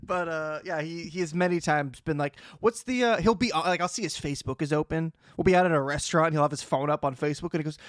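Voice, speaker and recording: A young man co-hosting a podcast in casual chat, chatty and quick to laugh. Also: a little high, no room sound, clean studio sound. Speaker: podcast co-host.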